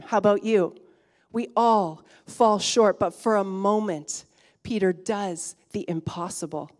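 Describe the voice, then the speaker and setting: Earnestly delivering a sermon, a mid-range-voiced woman swells to emphatic highs, then lets her voice fall quiet.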